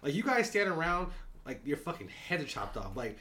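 A man's voice: fairly high pitch, big pitch swings, brisk, bright, forceful tone, a little hiss or hum. A man co-hosting a podcast, ranting about basketball in casual, heavily profane talk. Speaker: podcast co-host. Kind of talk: casual sports chat.

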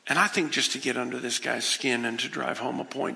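Fervent pastor with a gravelly, bright voice. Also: male voice, medium pitch, expressive, fairly quick, hardly any pauses. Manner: dramatic, acts out voices with humor, swings from loud to hushed. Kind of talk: sermon. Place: church sanctuary. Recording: reverberant church hall.

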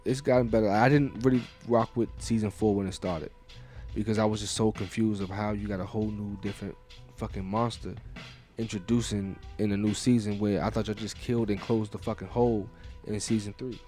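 A man's voice: fairly low pitch, fairly even intonation, fairly quick, dark tone, soft background music. A man co-hosting a podcast in casual, profane chat, with loose speech full of fillers and restarts. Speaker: podcast co-host.

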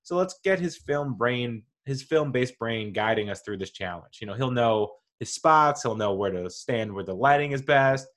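A man with a middle-pitched voice hosts a casual podcast monologue. He talks in a chatty, enthusiastic way, wanders off on tangents and stops to correct himself mid-sentence. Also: lively intonation, normal speed, hardly any pauses, a bit bright. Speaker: podcast host. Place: home with dogs nearby.

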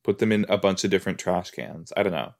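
A man casually reacting to a TV episode as a podcast host, rambling and excitable, often cutting himself off mid-thought. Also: low-pitched, quick pace. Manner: rambling, excitable, self-interrupting.

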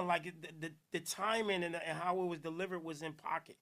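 Man, New Jersey accent, high voice, podcast host, playful, loud shout-outs. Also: fairly even intonation, fast talker, few pauses, a little hiss or hum. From Newark, New Jersey. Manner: loud, playful, shouts out listeners, laughs often. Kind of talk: casual podcast chat.

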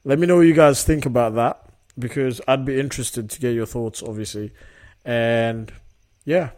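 A man's voice: medium pitch, moderate pace, a little mellow. A young man hosting a casual solo podcast, talking reflectively and often checking in with the listener through tag questions. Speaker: podcast host.

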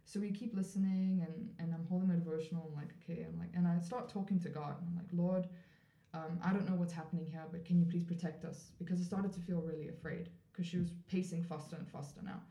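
A woman from South Africa, a podcast guest, telling a personal story in casual talk, animated and full of "like" fillers, acting out what others said. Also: fairly low pitch, quick pace, gravelly. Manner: animated, acts out quoted voices, frequent "like" fillers. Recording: roomy echoey room.

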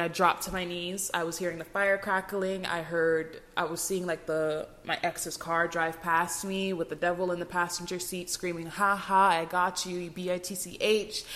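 A woman's voice: lowish voice, bright, forceful tone. A young woman hosting a podcast, telling her personal faith testimony in an earnest, emotional way with frequent restarts. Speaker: podcast host.

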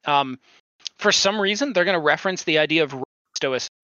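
High-voiced young male co-host, rambling and enthusiastic, dry dull lo-fi mic. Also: brisk, sharp tone, no room sound. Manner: rambling, enthusiastic, many fillers. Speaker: podcast co-host. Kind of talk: casual chat.

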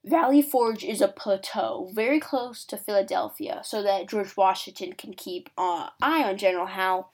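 Chatty woman explaining history. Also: mid-range voice. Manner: chatty, acts out quotes, uses "like". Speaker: history presenter.

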